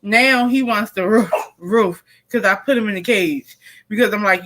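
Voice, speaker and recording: A woman's voice: medium pitch, animated, a little slow, pushed and bright, a little hiss or hum, poor audio. A woman hosting a casual live stream, talking straight to her viewers and to her pet. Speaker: tarot reader and live stream host. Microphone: computer or phone mic during a live stream.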